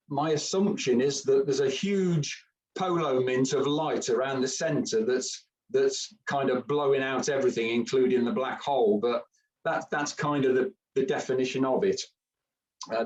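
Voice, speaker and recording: A man's voice: mid-range voice, normal speed, a little mellow, recorded from a distance, poor audio. A man giving a chatty, joking camera club talk with many fillers.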